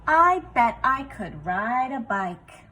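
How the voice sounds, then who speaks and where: A woman reading aloud and voicing a cheerful, adventurous male duck with bright, friendly greetings. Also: fairly high pitch, very animated, slow, recorded from a distance, full character voice.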